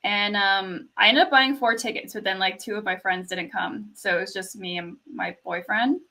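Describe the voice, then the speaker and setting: A young woman from Canada telling a concert story in casual chat, soft-spoken, full of "like" and little laughs. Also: mid-range voice, moderate pace, poor audio.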